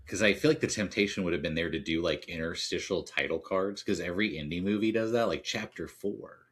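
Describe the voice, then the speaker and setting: A man's voice: deep voice, fairly quick, slightly rough. A man co-hosting a casual movie podcast, sharing enthusiastic opinions with frequent restarts and hesitations. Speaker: podcast co-host.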